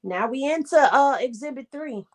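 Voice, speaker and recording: A woman co-hosting a casual talk show, with a fairly high voice. She reads through official documents aloud, stops to correct typos, and drops in short comments as she goes. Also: lively intonation. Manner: reads aloud and adds quick asides. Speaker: co-host.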